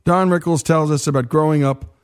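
A man hosting a radio program, narrating a scripted biography segment in a measured, explanatory way. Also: a little high, steady tone, clean tone. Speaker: radio host.

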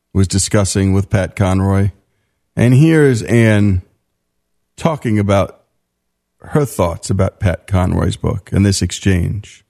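A man hosting a radio show, reading a scripted link in a measured announcer's way. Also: fairly low pitch, vocal fry, mellow. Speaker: radio host.

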